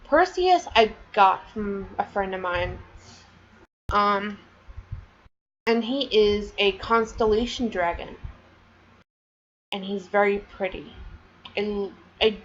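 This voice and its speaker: Slow-talking, rambling young woman vlogger. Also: mid-range voice, dull audio, a little hiss or hum. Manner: chatty, rambling, many fillers. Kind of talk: casual show-and-tell.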